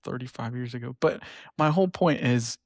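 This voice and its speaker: A man's voice: mid-range voice, brisk, no echo, studio quality. A man co-hosting a podcast in casual chat, joking and rambling and self-deprecating. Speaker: podcast co-host.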